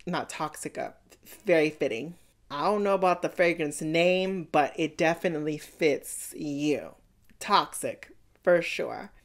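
In an unhurried, low voice, a reaction channel host calls the contestants out directly, sassily addressing them as "honey" and "baby" and not holding back her critiques.

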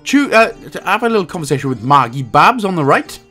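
A man narrating a game walkthrough, joking around and slipping into silly high voices. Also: very animated, a little fast, sharp tone. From Wales. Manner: bursts into silly high-pitched voices and laughs at own jokes. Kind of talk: jokey game walkthrough commentary. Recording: faint game music underneath.

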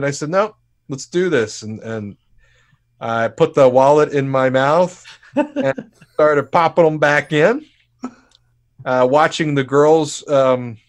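A man's voice: fairly high pitch, lively intonation, slow pace, long pauses. A man co-hosting a podcast, telling a story casually, acting out quotes and swearing freely. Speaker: podcast co-host.

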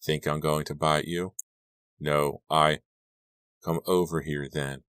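A man voicing a nervous teenage boy in an audiobook, hesitant and halting. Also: very deep voice, level tone, a bit bright, clean tone, dry recording, studio quality, exaggerated voice. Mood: menacing.

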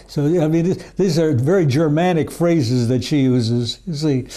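An older man, an archivist of Yiddish culture, talking in a rambling, halting way with many fillers in a casual interview. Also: medium pitch, dark tone. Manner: sings Yiddish folk songs unaccompanied.

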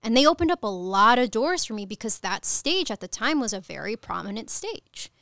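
A woman in her thirties from Ecuador, a cannabis attorney, speaking as a podcast guest in candid conversational storytelling, frank and animated, swearing casually. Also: fairly high pitch, a little fast, vocal fry, no echo, clean studio sound.

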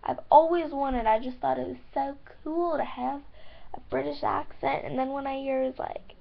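A bubbly American woman talking straight to her viewers, giggly and playfully teasing. Her fairly high voice slides into gravelly fry, captured on a dull, lo-fi home recording. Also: steady tone, normal speed. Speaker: vlogger. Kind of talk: casual talk to camera.

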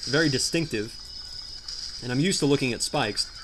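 A young man giving jokey, animated commentary while playing a hard video game, often shouting in frustration. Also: medium pitch, normal speed, music in the background. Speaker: gameplay commentator. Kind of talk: let's play commentary.

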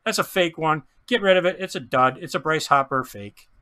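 A man giving chatty, excitable commentary while opening baseball card packs, often stumbling over player names and laughing. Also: on the high side, brisk. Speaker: card pack breaker.

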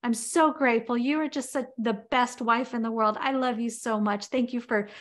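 A woman's voice: a little high, normal speed, close to an everyday voice. A woman voicing a gushing, grateful husband. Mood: overjoyed. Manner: gushing, excited exclamations. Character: delighted grateful husband, adult man.

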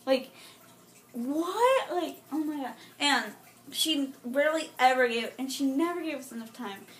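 A teenage girl rambles through a dramatic school story with lots of fillers and restarts. Her voice sits a little high, and she pops into shrill impressions now and then. Faint background hiss sits under the recording. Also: normal speed. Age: teens. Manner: dramatic, self-mocking, mimics voices high and loud. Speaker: vlogger. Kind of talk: casual storytelling to camera.

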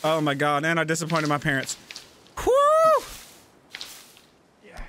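A man giving gaming commentary, talking himself through moves and yelling and swearing at the game. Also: fairly high pitch, level tone, fast, noisy background. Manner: swears a lot and yells at the game. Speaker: let's play gamer.

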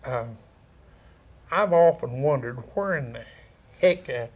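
A middle-aged man with a thick West Texas drawl, talking as an interview guest. He chats in a relaxed, folksy way, drops down-home words and chuckles now and then. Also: mid-range voice, slow. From California. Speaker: actor and former rodeo cowboy, interview guest.

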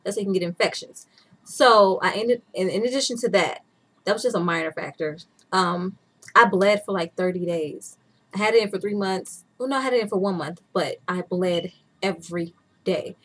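A woman's voice: medium pitch, moderate pace, slightly rough. A woman in her twenties chatting candidly as a vlogger, laughing often as she talks. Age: 20s. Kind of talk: casual chat.

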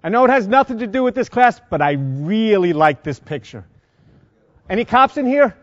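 A middle-aged man with a New York accent, lecturing a class of firefighters and quizzing them with quick questions. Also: sits high, very animated, dry recording. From Long Island, New York. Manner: quizzing the audience with rapid questions. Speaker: fire service instructor. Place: conference lecture room. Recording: dry, dull lo-fi sound.

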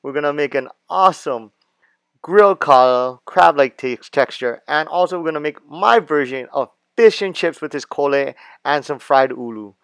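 A man, casually narrating his fishing and diving video in an excitable, laid-back way, laughing often and using island slang. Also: fairly high pitch, normal speed, clear, resonant tone, no room sound. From Hawaii. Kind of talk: casual narration over footage.

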